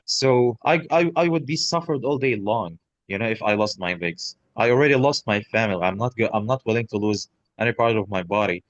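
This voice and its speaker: A man, a podcast guest telling his own story in halting speech full of restarts and blunt swearing. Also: fairly low pitch, animated, dry recording, muffled recording. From Gaza. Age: 30s. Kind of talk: personal account in an interview.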